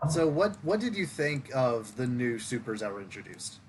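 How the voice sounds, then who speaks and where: A podcast host, a man with a voice in the middle of the usual range, reviews a movie in casual conversation. He builds his points slowly, pausing with "um" and "like". Faint noise sits under his voice. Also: mid-range voice, very animated. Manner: thoughtful, explains at length with fillers.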